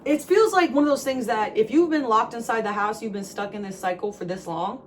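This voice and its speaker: A woman giving a channeled tarot reading to camera. She talks emphatically, repeats her phrases and jumps high in pitch when she gets excited. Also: fairly quick, slight background noise. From New Jersey. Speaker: tarot reader.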